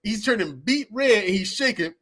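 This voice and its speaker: Bright-voiced man swapping army stories. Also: high-pitched, moderate pace. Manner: animated, laughing storyteller. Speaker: podcast guest, army veteran. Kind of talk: casual podcast chat.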